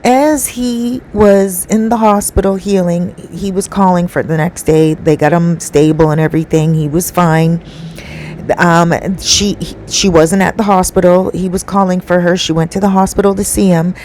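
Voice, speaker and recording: Woman, lowish voice, casual storytelling, chatty, rambling asides. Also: steady tone, normal speed, a little mellow, a little hiss or hum, low-quality recording. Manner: chatty, conversational with many fillers.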